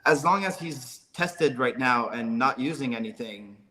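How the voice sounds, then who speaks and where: Canadian athlete guy being interviewed, blunt, repeats himself, bright edgy voice. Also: medium pitch, lively intonation, a little slow. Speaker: guest athlete. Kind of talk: casual interview.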